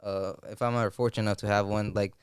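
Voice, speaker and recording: A man's voice: lowish voice, level tone, rapid-fire, clean tone, no room sound, studio quality. A young man hosting a casual chat, rambling with lots of likes and slang. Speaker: podcast host.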